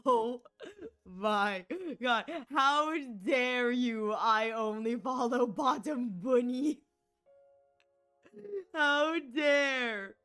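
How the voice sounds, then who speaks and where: Giggling woman streamer, high voice. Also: very slow, long pauses, a bit bright, smooth, faint music behind. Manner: laughing uncontrollably, squealing. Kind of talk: casual live-stream gaming commentary.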